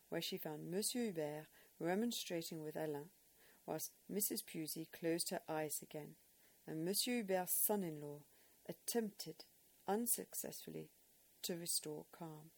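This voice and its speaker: A woman narrating an audiobook in a measured, expressive way. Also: lowish voice, gravelly.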